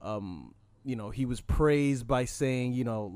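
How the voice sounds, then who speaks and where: A man's voice: mid-range voice, slow pace, dark tone, clean tone, dry recording. A man co-hosting a podcast in casual chat, speaking in a blunt, sardonic way. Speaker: podcast co-host.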